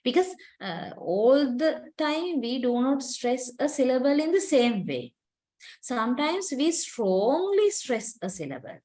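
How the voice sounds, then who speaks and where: Woman, university lecturer, patient and questioning, many "uh"s, higher than average pitch. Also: sing-song, measured pace, mellow, rough recording. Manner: explains patiently, questions students, many fillers.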